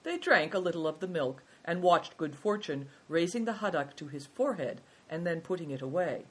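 A narrator reading a storybook aloud in a measured, steady way. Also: medium pitch, slightly rough, poor audio.

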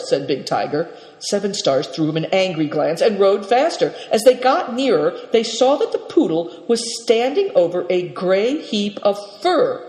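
A storyteller reading a children's novel aloud in a steady, expressive way. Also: mid-range voice. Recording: echoey room with long reverb.

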